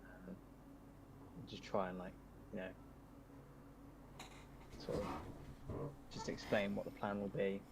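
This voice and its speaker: A man's voice: fairly low pitch, little pitch movement, takes it slowly, pauses often, very noisy. A man playing a tabletop game, hesitant and thinking aloud in casual chat. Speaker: player.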